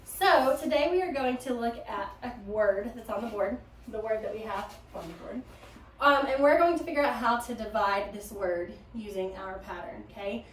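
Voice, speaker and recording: A woman's voice: fairly high pitch, moderate pace, slight background noise. A woman teacher leading a phonics lesson, patient and prompting her student. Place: classroom. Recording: echoey room, from a distance.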